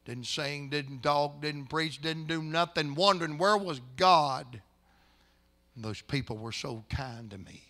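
An older man, a pastor, telling a story in a sermon, folksy at times and rising into impassioned, shouted preaching in a church. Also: fairly high pitch, a little slow.

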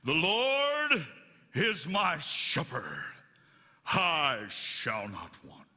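A man voicing a showy male drama professor who recites in a grand, drawn-out manner that swells into shouts. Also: on the high side, huge pitch swings, full character voice. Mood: theatrical. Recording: sanctuary with long reverb, music behind.

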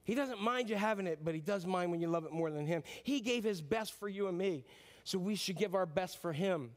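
A man in his fifties preaching a lively, rambling sermon, joking about himself and often restarting his sentences. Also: high-pitched, a little fast. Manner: animated, rambling, self-mocking sermon with many restarts. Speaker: pastor.

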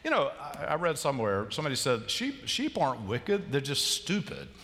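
A man's voice: mid-range voice, normal speed, slight background noise. A man preaching a sermon as pastor, telling stories and acting out quotes with humor. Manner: storytelling, animated, acts out quotes and sheep bleats. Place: large church sanctuary. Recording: long church reverb.

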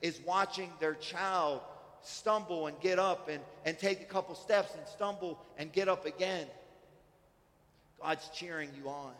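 A male pastor with a high voice gives an earnest, conversational sermon and often stumbles and restarts his phrases. His voice rings through a church hall with a long, lingering reverb. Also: a little slow, a bit bright.

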